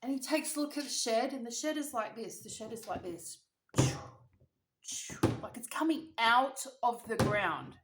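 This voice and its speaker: Eating as she talks, a young vlogger with an Australian accent recounts a dramatic tale full of slang. She speaks unhurriedly in a fairly high voice, recorded in an echoey room with a noisy background.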